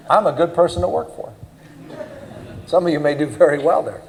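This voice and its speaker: A man giving a public speech at a leadership forum, telling anecdotes in an animated, emphatic way. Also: fairly high pitch, a little fast, pauses often, slight background noise, low-quality recording. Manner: animated storyteller, emphatic and punchy. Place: conference forum.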